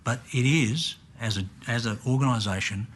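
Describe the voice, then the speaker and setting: A man's voice: mid-range voice, normal speed, a little hiss or hum. A man, a military officer, explaining in a matter-of-fact briefing tone. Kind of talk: documentary interview.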